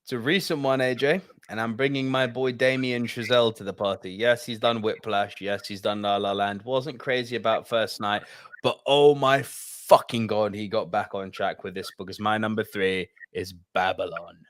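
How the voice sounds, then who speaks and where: A man co-hosting a casual movie podcast, talking fast and animated, swearing often and laughing a lot as he acts out movie quotes. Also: fairly low pitch. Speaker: podcast co-host.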